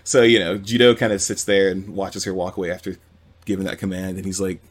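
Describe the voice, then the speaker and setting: A man's voice: deep voice, a little fast. A man co-hosting a podcast, casually retelling a manga chapter with swearing and acted-out quotes. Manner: animated storytelling with quoted voices and swearing. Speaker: podcast co-host. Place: home with cats nearby.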